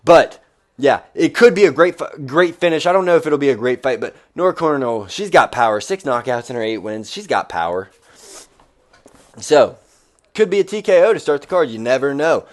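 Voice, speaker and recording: A man hosting a fight preview show, talking in an energetic, rambling way and swearing casually. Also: a little high, fairly quick. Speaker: podcast host.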